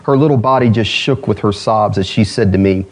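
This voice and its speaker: A male pastor preaching a sermon in an animated style, climbing high for emphasis and dropping low and slow to tell a story.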